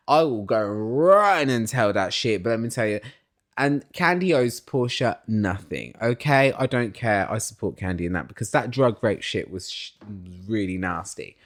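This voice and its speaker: A man recapping a reality show in casual commentary, opinionated and swearing, mimicking cast members and dropping from loud outbursts to quiet asides. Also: mid-range voice. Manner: swings between loud excited bursts and quiet asides.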